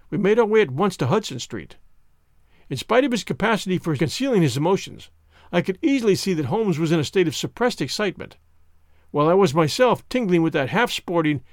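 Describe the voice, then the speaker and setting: A man narrating a classic story as an audiobook, in an expressive reading manner. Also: high voice, no room sound, clean studio sound.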